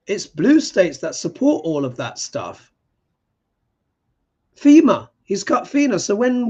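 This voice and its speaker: Man, fairly high voice, heated and emphatic, live tarot reader, dull muffled audio. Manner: impassioned, ranting, emphatic. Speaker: astrology show host. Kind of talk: live-stream tarot reading and commentary.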